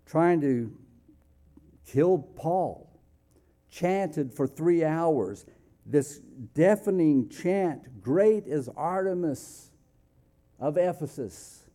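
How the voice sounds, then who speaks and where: A man preaching a sermon, moving between loud, emphatic calls and hushed, quiet passages. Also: medium pitch. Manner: dynamic, swings from loud exclamations to hushed near-whispers.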